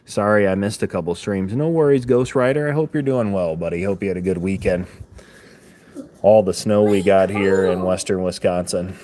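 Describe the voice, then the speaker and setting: A man's voice: low-pitched, normal speed, warm tone, slight background noise. Chatty man hosting a live stream. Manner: chatty, greets viewers by name, laughs often. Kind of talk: casual live-stream chat.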